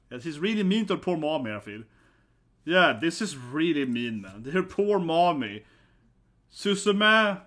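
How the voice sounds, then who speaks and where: A reaction video host chatters through excited live commentary, laughing often and exclaiming as he goes. His voice is high with a very bright, sharp tone, and he keeps tagging remarks with quick questions like "right?" and "man" aimed at the listener.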